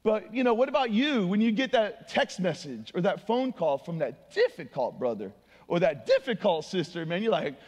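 A young man preaching an informal sermon in a church, casual and slangy, talking in quick conversational bursts. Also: high voice, very animated, a little mellow. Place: church sanctuary. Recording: long hall reverb.

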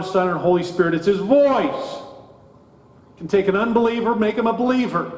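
A man delivers a sermon at a slow, deliberate pace, leaning into emphatic rises on key phrases. His voice sits a little high for a man. It rings out with the long reverb of a church sanctuary. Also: a little mellow. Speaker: pastor. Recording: echoey church hall.

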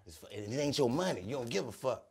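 A young man telling comedic stories on a podcast, animated and slipping into character voices. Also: medium pitch, fast talker, creaky, husky. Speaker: podcast host. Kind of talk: comedic storytelling.

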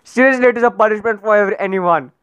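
A man's voice: high voice, rapid-fire, fairly bright tone, clean tone, dry recording. A man doing comedic roast commentary on video clips, sarcastic and rambling, often pleading in exasperation.

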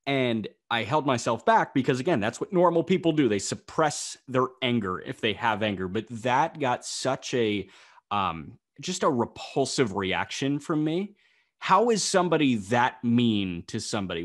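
Animated man telling a story. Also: mid-range voice, moderate pace. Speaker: podcast co-host. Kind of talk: casual chat.

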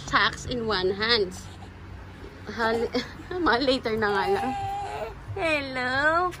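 A woman's voice: a little high, sharp tone. A woman with a Filipino accent, filming a casual family vlog outdoors in front of her house and chatting in playful baby talk. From Philippines. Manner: playful, sing-song, mixes Tagalog and English. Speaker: family vlogger, mother. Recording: noisy windy outdoor recording.

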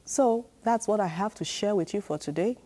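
Warm-voiced woman preaching to children. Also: mid-range voice, normal speed. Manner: repetitive, emphatic, call-and-response prompts. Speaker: children's church teacher. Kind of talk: children's sermon.

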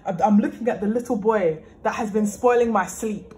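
A young woman vents in disbelief. She talks into a phone in a slangy, fired-up way. Steady hiss and clutter hang under her voice. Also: medium pitch, moderate pace. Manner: exasperated, incredulous, slangy. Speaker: vlogger. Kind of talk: casual ranting vlog. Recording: noisy phone recording.

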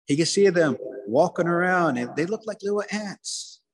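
A man's voice: sits high, lively intonation, normal speed, big-room sound. A man telling a traditional folktale with rhythmic, repetitive phrasing. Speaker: storyteller, museum director.

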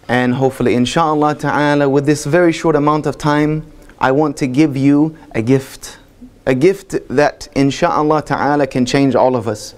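A man's voice: a little high, a little mellow. Emphatic Southern American man preaching. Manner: emphatic, builds with repeated phrases and rhetorical questions. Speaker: guest speaker at a mosque. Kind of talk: sermon-style lecture.

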